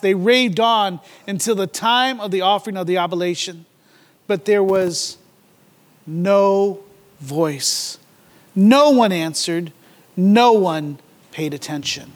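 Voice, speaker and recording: Male pastor, very high voice, dramatic sermon delivery, echoing church hall. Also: slow, pauses often. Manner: dramatic scripture reading with mocking voices.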